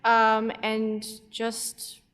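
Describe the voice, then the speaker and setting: Giggly woman panelist, higher voice, convention hall echo. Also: monotone, very slow, fairly bright tone, smooth. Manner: chatty, giggly, many fillers. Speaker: animator and YouTuber on a panel. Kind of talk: casual panel chat. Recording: long reverb of a convention hall.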